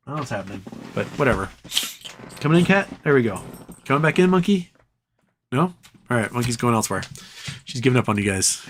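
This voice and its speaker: A man's voice: medium pitch, sing-song, a little fast, long pauses, a bit bright, slight background noise. Casual, profane male livestream host. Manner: loose, profane, joking and repetitive. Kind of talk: casual livestream chat reading viewer comments.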